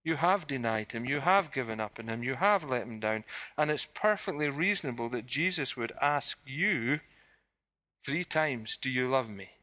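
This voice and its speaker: A man preaches with an earnest, searching delivery, pressing the same question again and again. His voice is bright and forceful, caught dry and close with little room sound. Scripture quotes come quieter and lower. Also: expressive, normal speed, dry recording. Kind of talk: sermon.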